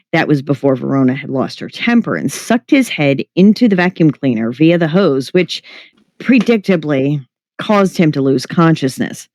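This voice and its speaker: Steady storyteller reading fiction. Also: medium pitch, no room sound. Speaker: story reader. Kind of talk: scripted fiction narration. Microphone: home mic, livestream.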